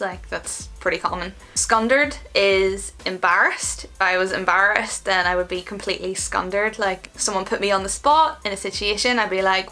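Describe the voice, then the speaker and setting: Fast-talking Northern Irish woman, bright voice. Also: medium pitch. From Northern Ireland. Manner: chatty, rapid, lots of fillers. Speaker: vlogger. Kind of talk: casual explainer vlog. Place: bedroom.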